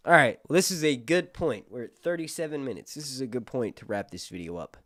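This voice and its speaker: A brisk man with a mid-range voice hosts a casual YouTube livestream. He is animated and chatty and swears freely as he talks.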